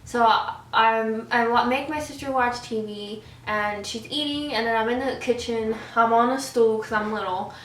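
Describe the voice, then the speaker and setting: A woman's voice: on the high side, normal speed, hardly any pauses, recorded from a distance, slight background noise. A young woman vlogger telling stories casually over a meal and acting out the scenes as she goes. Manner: animated, acts out scenes and voices. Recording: roomy echo, voice off-mic.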